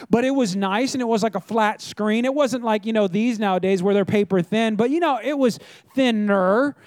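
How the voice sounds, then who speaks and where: A middle-aged pastor with a strikingly high voice preaches in a loose, chatty way, spinning stories and calling out to his listeners. The sound is close and dry, with no room around it. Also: moderate pace, darkish tone, no room sound. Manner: chatty storytelling, addresses the audience directly. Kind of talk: conversational sermon.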